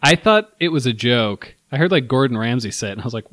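A man's voice: mid-range voice, expressive, fast talker, a bit bright, no room sound. A man co-hosting a casual podcast chat, rambling and hesitant but candid. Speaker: podcast co-host.

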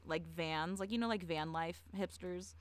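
A young woman co-hosting a podcast, telling a story in a chatty, profane way, full of "like" and quick laughs. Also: lowish voice, no echo. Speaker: podcast co-host. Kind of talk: casual chat.

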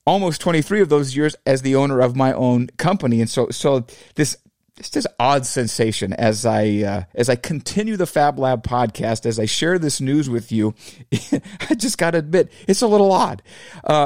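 A man's voice: mid-range voice, darkish tone, no room sound, clean studio sound. A man in his forties hosting his own podcast, talking reflectively in a casual solo monologue and addressing listeners as fellow fabricators. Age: 40s. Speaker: podcast host.

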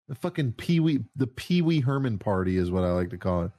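A man rants through casual political commentary, heavy on swearing. He sounds sarcastic and mocking, breaking into laughter often, and his pitch sits in the middle. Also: lively intonation, a little fast, hardly any pauses, dark tone. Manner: ranting, sarcastic, mocking voices of opponents.

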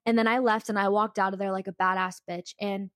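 A woman's voice: mid-range voice, little pitch movement, a little fast, fairly bright tone, dry recording, clean studio sound. A young woman telling a personal story in a casual, candid and emphatic way, full of "like" fillers.

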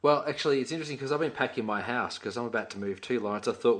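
An Australian man on a podcast, telling a story lively and acting out quotes. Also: medium pitch, quick pace, hardly any pauses. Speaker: podcast co-host. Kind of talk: casual podcast chat.

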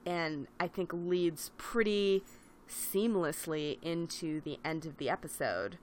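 A woman's voice: lowish voice, slow, darkish tone, a little hiss or hum. A young woman co-hosting a podcast, talking reflectively in casual chat and hedging with fillers. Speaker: podcast co-host.

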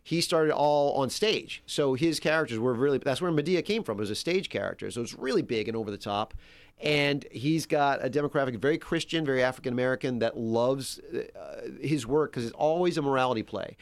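A middle-aged man chatting casually as a guest, telling stories in an animated, self-deprecating way. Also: mid-range voice, a little fast, no room sound. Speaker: guest on a talk podcast. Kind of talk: casual chat, storytelling.

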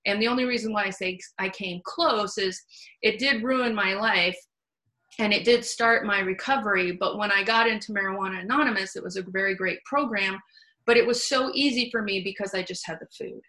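A woman hosting a casual, candid conversation, telling stories in an animated way with the odd swear word. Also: medium pitch, brisk, poor audio. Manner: animated, candid, salty storytelling. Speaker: host. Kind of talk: casual chat.

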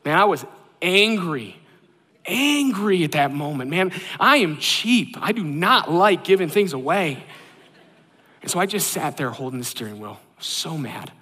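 A male pastor tells a self-mocking story from the pulpit of a church sanctuary. His voice sits high, and it gets animated as the story builds. Long reverb from the hall trails after his words. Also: measured pace, breathy edge. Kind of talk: sermon with personal story.

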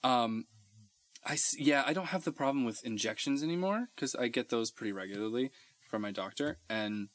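A man co-hosting a podcast from Texas, chatting casually and telling animated stories with frequent laughs. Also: mid-range voice, normal speed. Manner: animated storyteller, laughs often. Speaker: podcast co-host. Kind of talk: casual chat.

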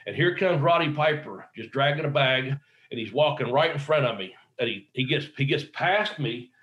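A man's voice: medium pitch, expressive, normal speed, muffled recording. Rambling male wrestler telling stories. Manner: rambling, acts out quoted voices; frequent fillers and restarts. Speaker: professional wrestler guest. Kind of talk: casual anecdotal storytelling.

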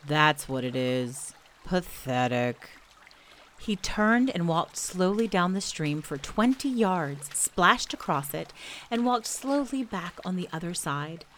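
Brief: woman storyteller for kids, low and unhurried, gentle and eager. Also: expressive, a little hiss or hum. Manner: gentle, slow, enthusiastic. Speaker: storybook reader and podcast host. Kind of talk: children's story reading.

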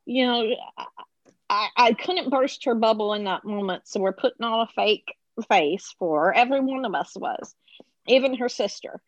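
A woman's voice: fairly high pitch, normal speed, dry recording. Middle-aged woman telling a painful story. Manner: acts out quoted voices while telling the story. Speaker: podcast guest. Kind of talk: emotional personal storytelling.

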